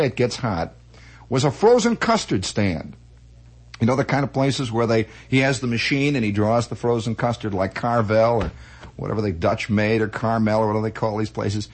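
A man telling comic stories in a rambling, animated way, full of restarts and acted-out voices. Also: mid-range voice, normal speed, husky. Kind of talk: comic storytelling monologue.

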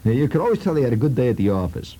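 A man's voice: mid-range voice, big pitch swings, rapid-fire, mellow, poor audio. A man telling a humorous childhood story in a rambling, conversational way with asides to his listeners.

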